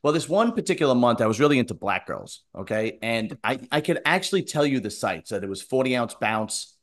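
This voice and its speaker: A man's voice: mid-range voice, big pitch swings, brisk. New man rambling through a story. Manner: casual, rambling, keeps asking "right?". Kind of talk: crude storytelling chat.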